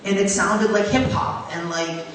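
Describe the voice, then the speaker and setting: A man speaking onstage at a public event, earnest and animated, his voice rising on questions. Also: sits high, measured pace. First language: Tagalog. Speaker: guest speaker. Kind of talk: onstage conversation. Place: high school auditorium. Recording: echoey hall from far off.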